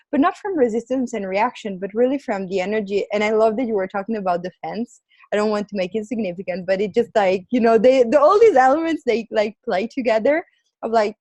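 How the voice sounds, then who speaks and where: A woman's voice: medium pitch, normal speed, darkish tone, dry recording. Woman in rambling casual chat. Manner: rambling, heavy use of "like" fillers. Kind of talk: casual conversation.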